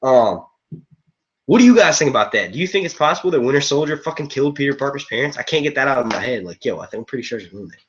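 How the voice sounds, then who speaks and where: A man's voice: medium pitch, expressive, fast talker, slight background noise. A man hosting a live review stream, rambling casually to his chat and swearing freely, on dull lo-fi stream audio. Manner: rambling, profane, casual, says "yo" a lot. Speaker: host of a movie and TV review stream.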